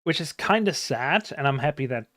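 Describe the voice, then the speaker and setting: A man's voice: mid-range voice, expressive, normal speed, fairly bright tone, no room sound. A man from Germany with a German accent, chatting casually on a live stream, rambling and hesitant, with casual swearing. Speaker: livestreamer.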